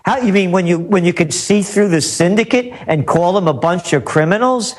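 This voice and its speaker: A man's voice: sits high, moderate pace. A man as a guest on a talk radio interview, ranting emphatically and repeating his points. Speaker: guest trend forecaster.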